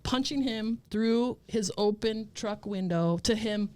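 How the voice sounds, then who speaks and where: A woman's voice: mid-range voice, takes it slowly, a little mellow, clear, resonant tone. A woman telling a story in a casual chat, profane and laughing as she talks.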